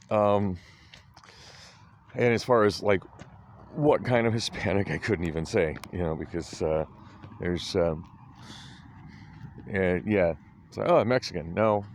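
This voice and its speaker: A man's voice: sits low, measured pace, long pauses, slight background noise. A tired, groggy middle-aged man rambling through a casual vlog, hesitant and full of ums and restarts. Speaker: vlogger.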